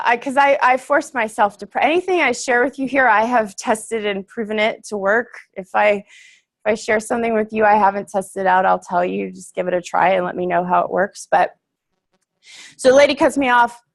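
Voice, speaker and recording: A young woman giving a casual, earnest workshop talk to a group, chatty and full of fillers, laughing easily. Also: fairly high pitch.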